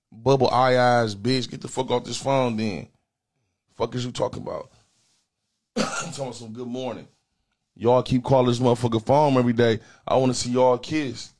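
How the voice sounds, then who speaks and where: A man hosting a comedy call-in show, trading crude jokes with callers in a loud, profane, teasing way. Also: mid-range voice. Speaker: comedy show host taking calls. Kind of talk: crude joking banter with callers.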